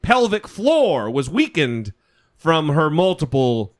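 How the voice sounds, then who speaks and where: Lively, teasing male podcast host. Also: fairly high pitch, slow. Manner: joking, teasing, swears freely. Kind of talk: casual comedic chat.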